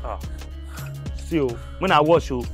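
A man with a Nigerian accent, loud and excitable, mixing Pidgin and Yoruba in a comedy skit. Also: on the high side, normal speed. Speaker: mechanic. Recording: music loud behind.

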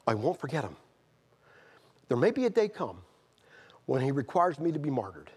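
A middle-aged man, preaching a sermon and telling a personal testimony, moving from quiet storytelling to fervent outbursts. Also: mid-range voice, very animated, normal speed, husky. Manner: earnest, swings from quiet storytelling to shouted fervor.

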